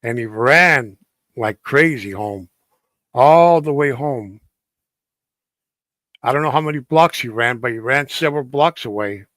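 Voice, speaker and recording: Halting man telling a ghost story. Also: mid-range voice, fairly bright tone, no echo. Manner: halting, many restarts and fillers.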